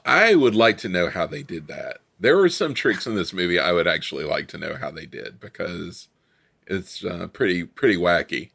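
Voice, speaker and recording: Deep, gravelly man chatting casually. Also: lively intonation, normal speed, fairly bright tone. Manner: chimes in with short wry reactions. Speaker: podcast co-host. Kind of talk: casual chat.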